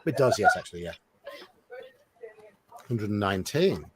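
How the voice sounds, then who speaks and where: A man's voice: fairly low pitch, very animated, moderate pace, over a noisy crowd. A man hosting a live playthrough, reading a gamebook aloud with casual asides and chuckles.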